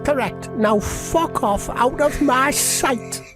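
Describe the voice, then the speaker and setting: A man voicing a gruff, foul-mouthed, bossy wife who barks insults and orders. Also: very high voice, slow, music in the background, pitched above the performer's own voice.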